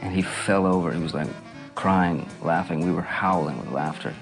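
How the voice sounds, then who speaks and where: A middle-aged man in an interview, reminiscing in a relaxed, rambling way with lots of fillers and chuckles. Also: sits low, moderate pace, over music. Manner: relaxed, rambling, full of "you know"s and laughs.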